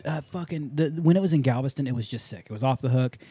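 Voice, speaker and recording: A young man hosts a casual podcast in a loose, upbeat, rambling manner, often restarting his sentences. His voice is dark and mellow, recorded dry and close with no room sound. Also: medium pitch, fast, husky, dry recording. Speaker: podcast host. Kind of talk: casual talk show chat.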